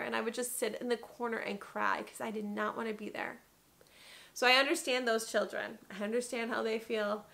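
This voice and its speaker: A young woman, a preschool teacher giving warm, encouraging advice straight to the viewer in a casual teaching vlog. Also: a little high, vocal fry. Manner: acts out soft calm teacher phrases.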